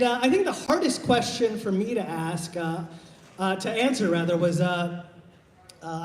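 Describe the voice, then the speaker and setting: Low-key, halting comic from Iowa. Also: male voice. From Iowa, USA. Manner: halting, low-key delivery with many uh fillers. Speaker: stand-up comedian. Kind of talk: stand-up set. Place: live comedy show in a hall. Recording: roomy hall reverb.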